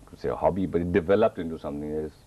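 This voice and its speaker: A man chatting casually as an interview guest, animated and slipping between voices. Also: a bass voice, very fast. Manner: animated, mimicking and mixing in Hindi. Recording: dull lo-fi TV audio.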